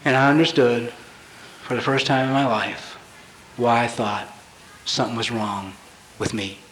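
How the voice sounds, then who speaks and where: A man's voice: mid-range voice, steady tone, unhurried, fairly bright tone, a little hiss or hum. A man in his fifties telling his story at a recovery convention, blunt, wry and emphatic, with the odd curse for punch. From Colorado, USA. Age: 50s. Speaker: recovery speaker. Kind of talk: comic confessional storytelling speech. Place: large convention hall with audience. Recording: echoey 1980s convention hall tape.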